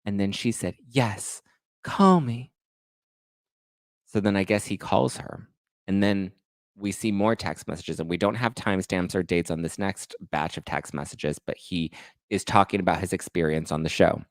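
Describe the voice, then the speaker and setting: A man's voice: low voice, steady tone, moderate pace, dry recording. A man hosting a reality TV gossip show, reading text messages aloud and adding sassy, sarcastic asides. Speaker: pop culture podcast host.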